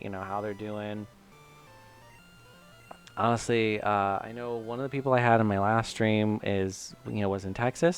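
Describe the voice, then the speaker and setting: A man from Michigan talks his way through a video game stream in a rambling, self-mocking, filler-heavy style, his voice sitting a little low. Faint music plays underneath him. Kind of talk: casual let's-play commentary.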